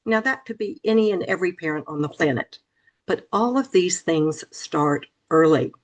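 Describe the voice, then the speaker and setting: A woman's voice: fairly low pitch, animated, moderate pace. Earnest, emphatic woman author. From Memphis, Tennessee. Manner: earnest, emphatic, repeats phrases for stress. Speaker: author guest. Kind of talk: interview conversation.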